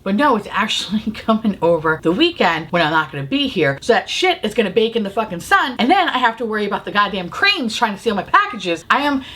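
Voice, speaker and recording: A woman hosting a casual chat who rants with plenty of swearing and exasperation. Her pitch swings widely and expressively, jumping high and dropping low as she talks. She laughs often while she talks. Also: sing-song, fast, few pauses, a bit bright. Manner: profane, exasperated ranting with frequent laughs. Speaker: host.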